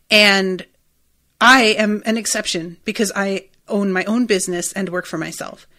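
A podcast host recaps a TV episode, rambling and chatty, swearing freely as she goes. Her voice is medium in pitch and a bit bright.

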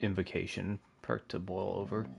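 Gravelly young man, crude gamer banter. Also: low voice, little pitch movement, normal speed, a little mellow, a little hiss or hum. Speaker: co-player. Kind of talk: casual gaming chat.

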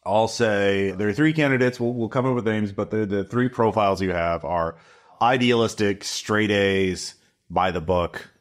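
A man's voice: on the low side, normal speed. A man acting as game master, chatting casually with his players and thinking aloud with frequent restarts. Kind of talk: running a tabletop game, casual chat.

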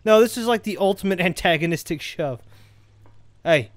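A man giving casual let's-play commentary over a game, rambling, joking and getting excited as he plays. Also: sits high, quick pace, no echo. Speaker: gameplay commentator.

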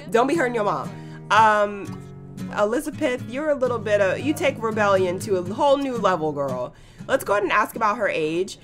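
A woman hosting a casual let's-play, chatting excitedly and reacting out loud to the game. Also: mid-range voice, moderate pace, over music. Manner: chatty, excitable, gasps and laughs at the action. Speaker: gaming channel host.

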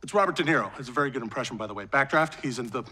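A boastful firefighter movie buff. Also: male voice, mid-range voice, animated, rapid-fire, pushed and bright. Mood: enthusiastic. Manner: boastful, rattles off film trivia. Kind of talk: sitcom acting.

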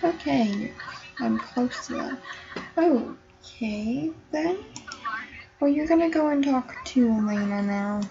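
Young woman, gameplay vlogger, high-pitched and playful, muffled home recording. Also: expressive, slow pace, gravelly, over music. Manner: chatty, voices the game characters playfully. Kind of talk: casual life-sim gameplay commentary.

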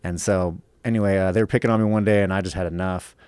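A man's voice: deep voice, steady tone, fast, darkish tone, clear, resonant tone, dry recording. A man from Los Angeles, a podcast guest, telling stories casually with lots of cursing and a rambling "right?" habit. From Los Angeles, USA. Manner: profane, rambling with frequent "right?". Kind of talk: casual storytelling.

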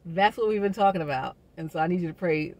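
A middle-aged woman, talking in a chatty vlog with preacher-like asides, quick to laugh. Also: fairly low pitch, darkish tone. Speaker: vlogger. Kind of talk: casual inspirational vlog talk.

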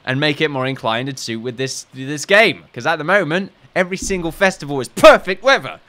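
A man's voice: fairly high pitch, animated, a little fast, sharp tone. A man hosting a let's play, giving casual gameplay commentary with rambling, jokey asides and reading game text aloud.

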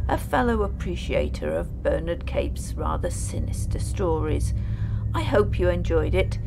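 A woman narrating a ghost story audiobook in a measured, dramatic storytelling manner. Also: mid-range voice, gravelly.

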